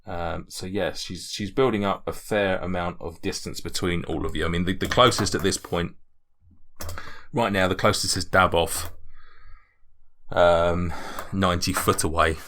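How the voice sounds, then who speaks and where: A man with a deep, forceful voice runs a tabletop game as its game master. He narrates loosely and hesitantly, stopping often to restart a phrase. The sound is bright and a little tense. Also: moderate pace. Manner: relaxed, hesitant, with many ums and restarts.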